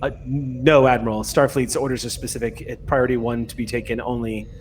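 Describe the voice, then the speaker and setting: A man's voice: mid-range voice, little pitch movement, a little fast, big-room sound, a little hiss or hum, voice pushed down, natural voice. A man voicing a nervous junior male yeoman who speaks hesitantly and formally in a tabletop game.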